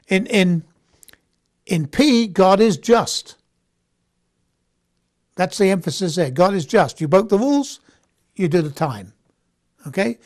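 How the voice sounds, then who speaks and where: A man's voice: high voice, a little mellow. Chatty man teaching Bible class. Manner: conversational, repeats words and restarts, asks "okay?". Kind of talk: informal Bible lecture.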